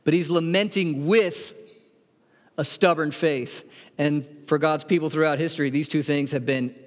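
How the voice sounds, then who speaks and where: A man's voice: steady tone, normal speed. A man preaching a sermon, earnest, putting direct questions to the congregation and reading scripture aloud with feeling. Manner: earnest, rises in pitch when reading the psalm aloud. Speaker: pastor. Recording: long hall reverb.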